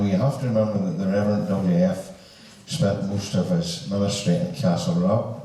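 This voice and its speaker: A man's voice: low-pitched, dark tone, slight background noise. A man with a Northern Irish accent compering a concert on stage, joking and chatty with the crowd. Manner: joking, chatty, puts on broad dialect. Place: large hall with live audience. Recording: echoey hall from far off.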